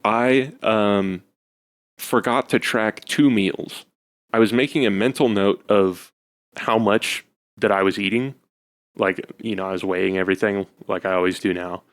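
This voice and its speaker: A man with a fairly low voice talks casually on a podcast, rambling through his stories. He is self-deprecating and leans on fillers as he goes. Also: fairly even intonation, moderate pace. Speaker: podcast co-host, husband. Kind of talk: casual chat.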